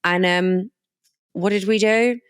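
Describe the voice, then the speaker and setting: A woman's voice: medium pitch, fairly even intonation, slow pace, smooth, dry recording, clean studio sound. A young woman, co-hosting a podcast in casual, giggly chat full of "like". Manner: chatty, giggly, lots of "like". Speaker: podcast co-host.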